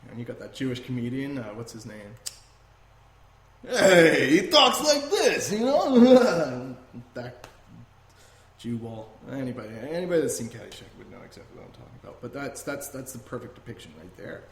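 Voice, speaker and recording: A man's voice: mid-range voice, quick pace, vocal fry, a little mellow. Ranting man in an echoey room. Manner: ranting, emphatic, swears often. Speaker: podcast host. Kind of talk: heated podcast rant. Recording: echoey room with faint noise.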